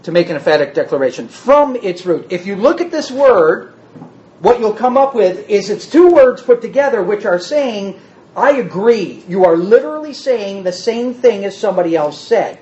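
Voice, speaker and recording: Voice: medium pitch, big pitch swings, normal speed, mellow, highs cut off. A Bible teacher giving a word-study lesson, reading verses aloud and then restating them in plain words.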